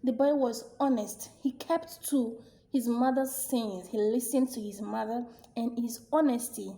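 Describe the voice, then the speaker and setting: Expressive woman storyteller, fairly high, mellow voice. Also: unhurried. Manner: animated, expressive. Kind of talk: storytelling narration.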